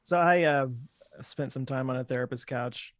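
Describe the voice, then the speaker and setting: A man hosting a podcast, chatting casually with a relaxed, hesitant manner and many ums. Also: mid-range voice, moderate pace, no echo. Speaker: podcast host. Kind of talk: casual conversation.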